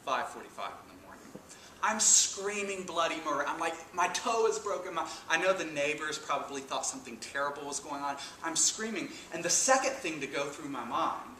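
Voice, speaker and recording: A male lecturer speaks with a bright, forward tone and tells his story with animated emphasis. He is recorded from a distance in a reverberant lecture room, with faint noise in the background. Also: on the high side, brisk, few pauses. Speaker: philosophy lecturer. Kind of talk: introductory lecture with personal anecdote. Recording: echoey room, speaker off-mic.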